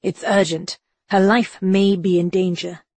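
A woman voicing a stern, urgent Victorian gentleman who talks in terse commands. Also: medium pitch, level tone, a little slow, no room sound, natural voice.

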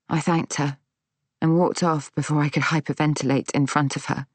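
A woman reading a story aloud as narrator, unhurried, giving the characters' lines light voices. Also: low voice, fairly even intonation, no room sound. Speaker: audiobook narrator. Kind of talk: scripted narration.

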